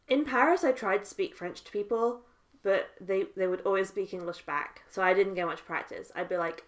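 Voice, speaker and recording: A woman co-hosting a casual chat who tells animated stories and breaks into laughter. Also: mid-range voice, moderate pace.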